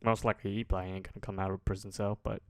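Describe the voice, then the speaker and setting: A man casually commenting as host of a reaction video, rambling and pausing to remark on what he watches. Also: lowish voice, crowd noise. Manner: relaxed, rambling, pauses to comment.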